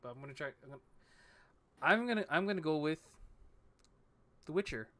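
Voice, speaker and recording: A man hosting a casual podcast chat on a headset mic, halting and repeating words as he talks. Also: fairly high pitch, animated, bright, forceful tone. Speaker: podcast host.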